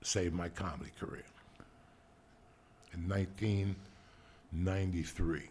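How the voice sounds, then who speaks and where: A man telling profane, animated stories in casual chat. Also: sits low, a little slow, slight background noise. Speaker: podcast host.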